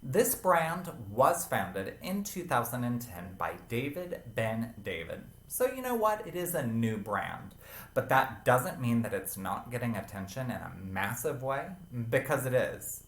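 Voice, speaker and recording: A man in his late thirties hosting a handbag review vlog, chatty and expressive with sassy, playful asides. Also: medium pitch, a little slow, echoey room, a little hiss or hum. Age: 30s. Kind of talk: chatty scripted vlog talk.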